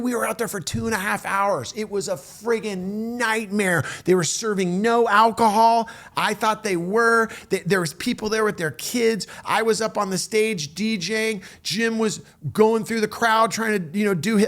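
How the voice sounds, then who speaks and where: A middle-aged man telling a story in a casual, animated way, with many restarts and acted-out quotes. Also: sits high, moderate pace, few pauses. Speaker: storyteller recounting a tour.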